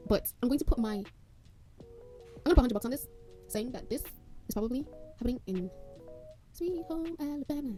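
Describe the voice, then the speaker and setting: A woman's voice: fairly high pitch, expressive, moderate pace, long pauses, dark tone, soft background music. A woman hosting a reaction video, exclaiming, joking and laughing between clips. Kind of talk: casual reaction commentary.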